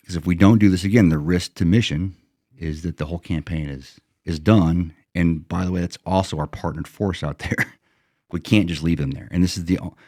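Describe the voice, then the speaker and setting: A man's voice: extremely low pitch, gravelly, darkish tone, no room sound, studio quality. A middle-aged American man, a former Green Beret, telling a combat story in a blunt, matter-of-fact way, rambling with restarts. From United States. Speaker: retired Green Beret sergeant major, guest.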